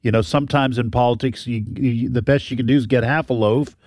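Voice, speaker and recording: Male talk radio co-host, thoughtful and halting, dry studio sound. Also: mid-range voice, steady tone, a little mellow, no room sound. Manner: thoughtful, hesitant, restarts phrases. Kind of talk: political talk radio discussion.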